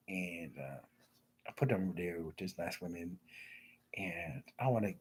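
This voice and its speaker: A man rambling in crude off-the-cuff commentary, mumbling and trailing off into low asides. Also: noisy background. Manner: crude, rambling, self-interrupting.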